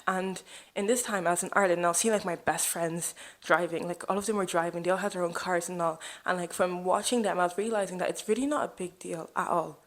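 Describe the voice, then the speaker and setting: Fast-talking young woman, chatty storyteller. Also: fairly low pitch, fairly even intonation. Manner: chatty, rambling, heavy use of "like". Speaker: vlogger sharing a testimony. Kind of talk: casual storytelling to camera.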